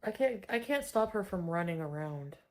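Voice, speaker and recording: A woman streaming from home, chatting casually and breaking into high baby talk now and then. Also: expressive, moderate pace. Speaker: livestreamer. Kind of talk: casual livestream chat.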